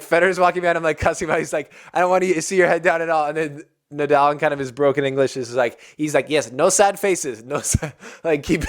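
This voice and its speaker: A man talks through tennis highlights in a loose, chatty way. He gets excited and often laughs. His voice is smooth and clear, at a middle pitch. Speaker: tennis video host. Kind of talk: casual recap commentary.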